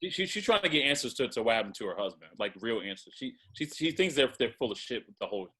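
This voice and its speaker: Man, co-host, casual chat, halting, mid-pitched. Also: sing-song, fairly bright tone. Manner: halting, with many restarts and "you know what I mean". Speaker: podcast co-host.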